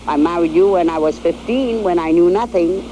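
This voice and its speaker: An older woman from New York telling the story of her youth and marriage to her husband, in a halting storytelling way with repeated words and fillers. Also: fairly low pitch, mellow, slight background noise, low-quality recording. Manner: addresses her husband directly. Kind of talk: reminiscing in an archival interview.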